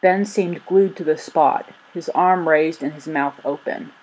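A woman narrating a children's story in an expressive reading. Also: sits low, a little slow, husky, poor audio.

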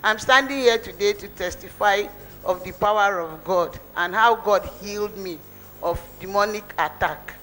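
A woman's voice: mid-range voice, normal speed, bright, forceful tone, rough recording. A woman giving a spoken testimony in church, telling her story earnestly, with emotion and many repeats.

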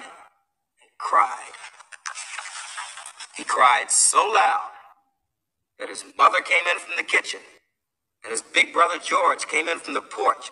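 A man reads a children's storybook aloud as host, his voice bright and lively with a gravelly edge. He sounds distant, as if the mic sits some way from him. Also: on the high side. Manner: lively, expressive read-aloud. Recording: voice from far off the mic.

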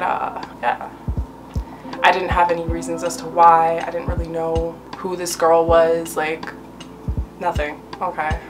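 A young woman telling a casual story-time vlog, chatty and full of fillers and swearing, a little high. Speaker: vlogger.

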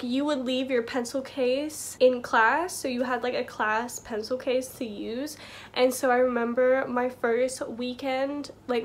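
A young woman in her twenties telling a personal story casually and softly, with many filler words. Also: high voice. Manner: soft-spoken, many filler likes, gets choked up. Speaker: vlogger.

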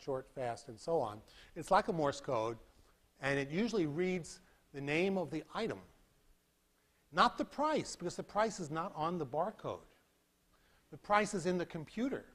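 A man giving a university physics lecture in a hall, animated and demonstrating with sound effects. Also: on the high side. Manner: animated, acts out beeping sounds and demonstrates with props. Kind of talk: classroom lecture.

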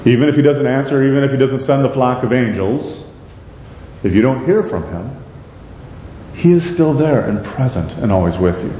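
Male pastor, animated sermon delivery with acted-out quotes, warm voice, echoey sanctuary. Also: mid-range voice, moderate pace. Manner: animated, acts out prayers and quotes in a raised voice. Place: church sanctuary. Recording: echoey church hall, faint noise.

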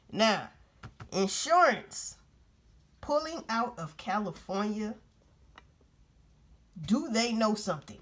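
A woman vlogger commenting on news clips in a blunt, profane, casual way, talking straight to her viewers. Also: mid-range voice.

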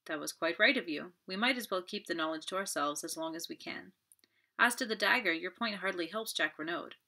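A woman's voice: on the low side, a little fast, sharp tone. Woman doing a fussy proud detective. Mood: earnest. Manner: formal, clipped, emphatic. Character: fussy proud male detective, precise and dignified. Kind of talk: audiobook character voice.

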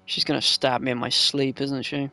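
Gravelly-voiced casual gameplay streamer. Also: medium pitch, flat delivery, normal speed. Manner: chatty, swears freely, talks to the game characters.

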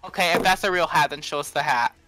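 A man's voice: on the high side, fast, over music, low-quality recording. A man teasing his friends in casual gaming voice chat. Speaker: gamer in a voice chat.

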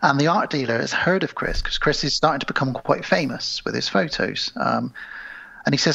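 A man's voice: mid-range voice, moderate pace, vocal fry, sharp tone, husky, muffled recording. A man co-hosting a casual podcast, retelling film scenes and acting out the characters' lines. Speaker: podcast co-host.

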